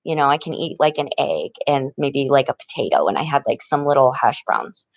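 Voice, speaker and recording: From a tent in an encampment, a woman vlogger rambles casually about her life, laughing often between sentences. Her voice rumbles low with big pitch swings, she talks fairly quickly, and there's no echo.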